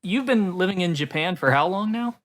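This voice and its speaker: A man's voice: sits high, expressive, fairly quick. A man from Ohio co-hosting a casual podcast, loose and jokey with "like" fillers. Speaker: podcast co-host.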